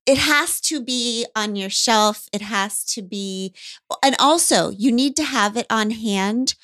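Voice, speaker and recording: A woman's voice: a little high, slow pace, fairly bright tone, dry recording, studio quality. A woman co-hosting a podcast, earnest and effusive as she praises her guest. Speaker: podcast co-host. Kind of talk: casual conversation.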